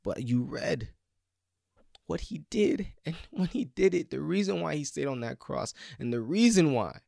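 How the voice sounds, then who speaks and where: Male preacher, gravelly and fairly high, pleads loudly then drops to whispers, dry close sound. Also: lively intonation, a little slow, no echo. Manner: impassioned, swings from loud pleading to hushed whispers. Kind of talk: sermon.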